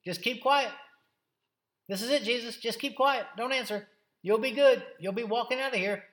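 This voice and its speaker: A man's voice: sits high, animated, takes it slowly, echoey room, voice pushed up. A man voicing a devilish tempter, coaxing and urging again and again. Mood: urgent.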